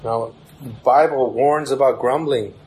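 A man's voice: mid-range voice, unhurried, darkish tone, a little hiss or hum, poor audio. A young man preaching a sermon in a casual, conversational way, acting out prayers with a raised voice. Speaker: pastor.

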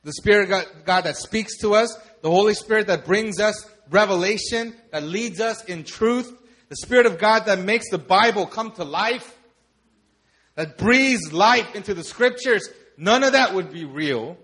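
A man preaching a sermon, building emphatic repeated phrases up to loud declarations. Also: high voice, moderate pace, breathy edge.

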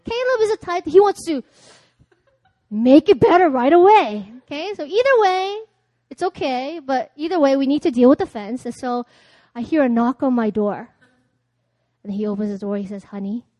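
A woman delivers a sermon, with a high voice heard dry and close. She tells personal stories, acts out both sides of conversations, and often laughs as she goes. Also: animated, moderate pace, mellow, no echo, lo-fi sound. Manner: storytelling, acting out dialogue, laughing often. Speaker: preacher. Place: church.

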